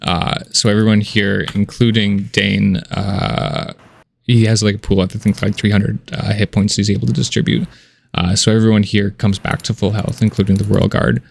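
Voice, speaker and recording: A man runs a tabletop game, describing the scene in a casual, loose way full of fillers. His voice sits low with a gravelly rasp. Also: level tone, moderate pace. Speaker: game master.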